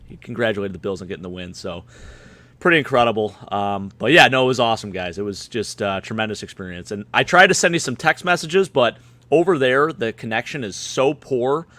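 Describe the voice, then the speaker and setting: A man, slightly hoarse and a bit tipsy, rambling excitedly about his game day. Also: medium pitch, fairly quick, dry recording. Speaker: guest fan panelist. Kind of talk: casual chat.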